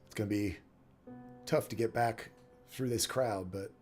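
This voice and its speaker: A man running a tabletop game, narrating in a relaxed, chatty way with many fillers. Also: on the low side, a little slow, faint music behind. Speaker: game master.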